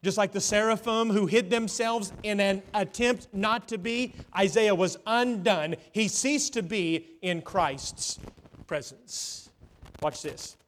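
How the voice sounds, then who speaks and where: High-voiced man preaching a sermon. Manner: storytelling, swings from loud to hushed, dramatic pauses.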